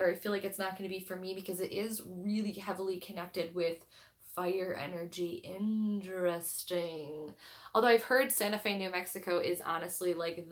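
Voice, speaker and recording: A woman's voice: fairly low pitch, fairly bright tone. Rambling woman on a live stream. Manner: rambling, thinks aloud, chats with viewers. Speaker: spiritual live streamer and tarot reader. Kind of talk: casual live stream chat and reading aloud.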